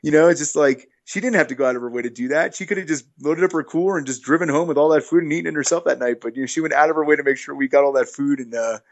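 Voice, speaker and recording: A man's voice: on the high side, rapid-fire, hardly any pauses. Easygoing middle-aged man telling trail stories. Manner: easygoing, rambling with fillers. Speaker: guest, thru-hiker. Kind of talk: casual storytelling interview.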